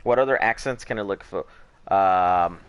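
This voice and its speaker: A man's voice: low-pitched, moderate pace, highs cut off, slight background noise. A young man hosting a gaming video, chatting casually and rambling while he plays, often restarting and repeating words. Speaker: gaming channel host. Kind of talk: casual chat while playing a game.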